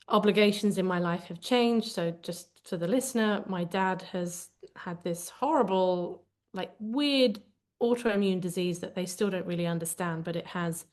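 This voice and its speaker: A woman co-hosting a conversational podcast, speaking candidly and reflectively as she searches for the right words. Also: fairly low pitch. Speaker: podcast co-host.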